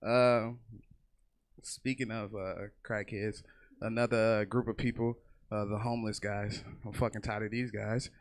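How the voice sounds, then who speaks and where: A man's voice: fairly low pitch, little pitch movement, measured pace. A man doing a profane stand-up comedy set on a theater stage, telling stories and briefly acting out other people's voices. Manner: profane, storytelling, acts out voices in bursts.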